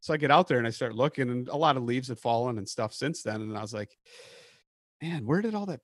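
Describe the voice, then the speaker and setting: A man's voice: medium pitch, quick pace, no echo, clean studio sound. A man hosting a podcast, telling a hunting story in casual chat and acting out the lines of the people in it. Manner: animated storyteller acting out quotes. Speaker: podcast host.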